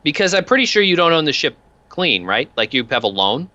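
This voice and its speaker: A man's voice: a little high, very animated, brisk, sharp tone, no room sound, pitched above the performer's own voice. A man voicing a cheerful, menacing male debt collector who makes threats in a chummy, wheedling way, on lo-fi call audio.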